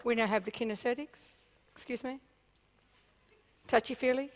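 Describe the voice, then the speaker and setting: Woman, high voice, business seminar speaker, animated, keeps asking the room "yeah?". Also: normal speed. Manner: animated, checks in with the audience often. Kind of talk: seminar talk to a live audience.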